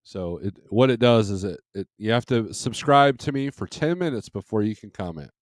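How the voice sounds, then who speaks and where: This is a relaxed live chat from a man streaming at home, his voice low-ish and expressive at a normal speed. He chuckles often while rambling into a desk microphone, captured at studio quality without any room sound.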